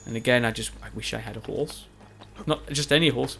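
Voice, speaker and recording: A man's voice: medium pitch, fairly quick, creaky, few pauses, bright, forceful tone, soft background music. A man giving chatty, rambling commentary over his own recorded gameplay, joking at his own expense. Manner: chatty, rambling, self-mocking. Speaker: Let's Play commentator.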